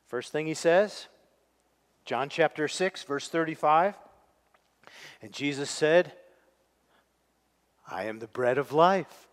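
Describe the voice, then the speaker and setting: A man preaches a sermon in a slow, unhurried cadence, pausing to put questions to his congregation. His voice sits a little higher than most men's. It rings out with the long reverb of a large hall. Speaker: pastor. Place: church sanctuary.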